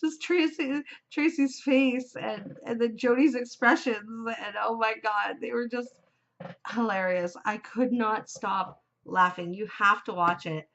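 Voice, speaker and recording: A woman's voice: mid-range voice, steady tone, unhurried, gravelly, a bit bright. Gushing chatty woman podcaster, lo-fi. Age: 40s. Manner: gushing and chatty, often breaking into laughter. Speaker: podcast host. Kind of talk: casual chat.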